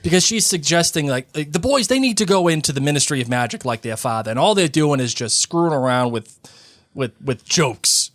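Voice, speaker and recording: A man with a Boston accent co-hosting a podcast in casual chat, reacting quickly and talking animatedly. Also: a little high, animated, fairly bright tone, dry recording. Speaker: podcast co-host.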